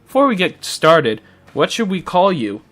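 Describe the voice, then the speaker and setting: A man's voice: high-pitched, very animated, a bit bright. A man co-hosting a podcast, chatting casually and jokily while playing a game. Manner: jokey, rambling, quick asides. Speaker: podcast co-host.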